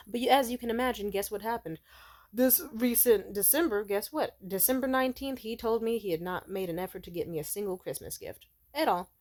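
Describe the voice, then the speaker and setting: A woman's voice: mid-range voice, brisk, darkish tone. A young woman venting in a casual storytime vlog, frank and profane, rambling with lots of fillers. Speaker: vlogger.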